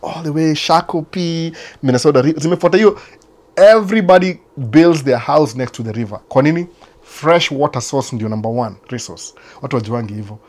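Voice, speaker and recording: Fast-talking Kenyan man. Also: fairly high pitch, expressive, a little mellow. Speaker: host. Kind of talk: casual live chat answering viewers. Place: United States.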